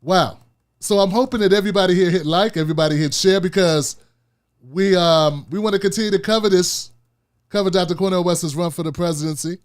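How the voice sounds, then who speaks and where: A man hosting a political commentary show, talking in an animated, casual and repetitive way. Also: sits high, brisk. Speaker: host.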